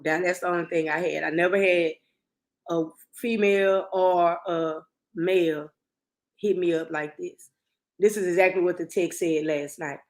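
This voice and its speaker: A woman barber telling a casual storytime vlog, animated and exasperated, talking straight to her viewers and reading text messages aloud. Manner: reads texts aloud in a flat voice, then reacts with rising pitch.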